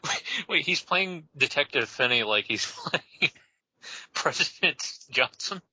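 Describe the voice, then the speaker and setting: A man co-hosting a comedy podcast, tossing in quick quips and questions. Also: fairly high pitch, animated, bright, forceful tone, husky, dry recording, dull audio. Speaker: podcast co-host. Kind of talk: casual comedic chat.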